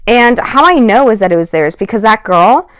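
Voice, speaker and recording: A woman's voice: on the high side, animated, moderate pace, a bit bright, no room sound, studio quality. A woman vlogging a casual storytime, rambling with lots of "like" and "um" and exasperated asides. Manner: rambling, heavy on "like" and "um".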